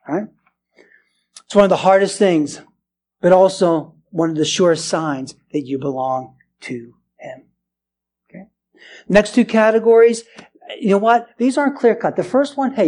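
A pastor preaches an expository sermon with animation, sinking to quiet, earnest lows and rising into raised, exclaiming passages. He often restarts and repeats words.

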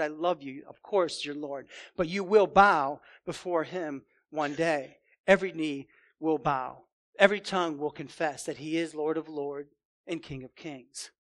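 A man's voice: high voice, fairly bright tone. A man preaching a sermon as a pastor, emphatic, with frequent rhetorical questions to his congregation.

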